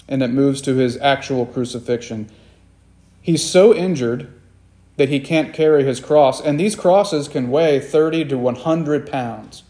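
A man's voice: mid-range voice, mellow. A young adult man preaching a sermon, reading scripture and praying, earnest and emphatic with repeated refrains. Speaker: pastor.

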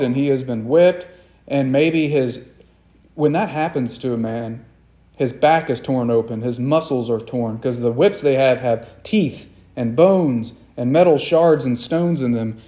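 A man's voice: medium pitch, dark tone. A young adult man preaching a sermon, reading scripture and praying, earnest and emphatic with repeated refrains. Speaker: pastor.

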